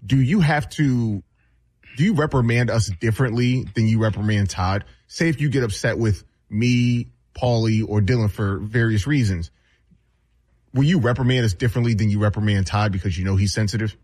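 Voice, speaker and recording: A man's voice: lowish voice, normal speed, a little mellow. A man on a sports talk crew, asking the host curious questions in casual banter. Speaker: show crew member.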